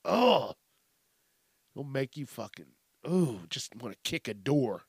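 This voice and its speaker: A man's voice: mid-range voice, sing-song, slow pace, a little mellow, breathy edge, no echo, studio quality. A middle-aged man hosting a podcast, ranting in a profane, rambling way that keeps breaking off mid-sentence. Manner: profane, rambling, self-interrupting. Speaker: podcast host. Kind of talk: casual comedic news rant.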